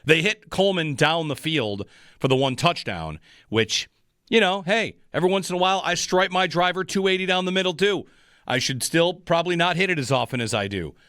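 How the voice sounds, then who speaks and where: A man's voice: on the high side, lively intonation, a little fast, sharp tone, clean tone, dry recording, studio quality. A man hosting a sports talk radio show, analyzing the game in a rambling, frustrated way with frequent restarts.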